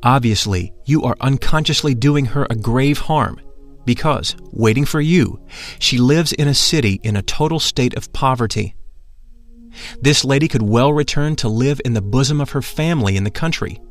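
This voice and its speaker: A man voicing a grave, gentle male spiritual master who speaks solemnly and measuredly. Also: medium pitch, moderate pace, soft background music, close to an everyday voice.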